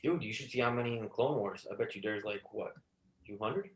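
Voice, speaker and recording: A man in relaxed casual chat who asks easygoing questions. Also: fairly low pitch, fairly quick, echoey room, poor audio. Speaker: co-host.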